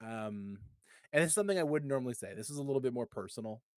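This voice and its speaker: A man in his thirties speaks on a live stream with earnest, halting warmth, often restarting his sentences. His voice sits at a middling pitch. The sound is dry and close to the mic. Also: animated, no echo. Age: 30s. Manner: halting, repeats words, earnest and heartfelt. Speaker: community advocate guest. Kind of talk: casual podcast chat, personal storytelling.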